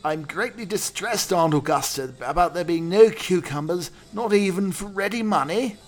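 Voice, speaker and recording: A man's voice: high-pitched, moderate pace, faint music behind, pitched above the performer's own voice, natural voice. A man doing a drawling, indignant Victorian toff.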